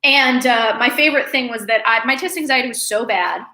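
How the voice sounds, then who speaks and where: A congested young woman rambles through a casual live stream from her apartment, full of fillers and self-corrections. Her voice is bright and slightly high. The room sounds echoey, with a faint hiss underneath. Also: brisk. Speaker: artist live-streaming from home.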